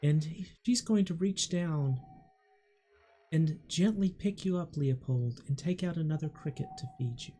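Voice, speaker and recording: A woman narrating a tabletop game as game master, playful and quick to laugh. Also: low-pitched, mellow, slightly rough.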